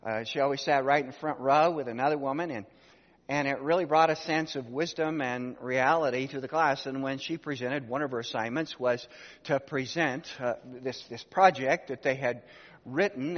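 Older male pastor in a reverberant hall. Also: mid-range voice. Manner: storytelling, with rhetorical questions to the congregation. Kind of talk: sermon. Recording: dull sound with long hall reverb.

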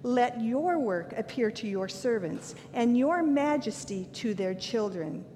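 A woman's voice: lively intonation, a little slow, warm tone. An older woman giving a sermon, earnest and candid, mixing scripture with self-deprecating stories from her own life. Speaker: preacher. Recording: long hall reverb, faint rumble.

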